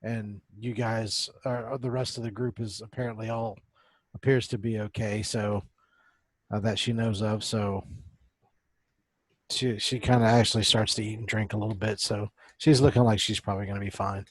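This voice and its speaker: A man's voice: lowish voice, flat delivery, moderate pace, dry recording. A man playing a tabletop game, casually describing what his character does, rambling and restarting. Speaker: player.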